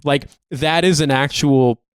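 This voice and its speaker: A man's voice: a little high, steady tone, unhurried, smooth, no room sound, studio quality. A man co-hosting a podcast, chatting casually in a rambling, profane way with lots of "like". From United States. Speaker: podcast co-host. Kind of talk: casual chat.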